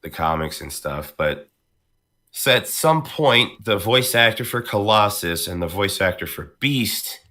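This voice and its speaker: A male voice actor chatting casually on a podcast, telling stories about his roles with animated energy and a touch of New York accent. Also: lowish voice, a little slow. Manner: animated storyteller, slips into character voices.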